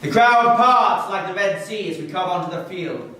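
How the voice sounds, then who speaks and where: A man's voice: sits high, animated, normal speed, sharp tone. An actor playing a male radical orator who speaks in a declamatory, pleading way. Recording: very echoey, distant mic.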